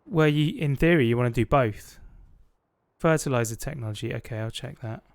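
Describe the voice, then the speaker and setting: A man's voice: mid-range voice, fairly quick, creaky, no room sound. A British man streaming a farming game, chatting casually and narrating each move he makes. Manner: chatty, narrates his own actions. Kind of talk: casual gaming chat.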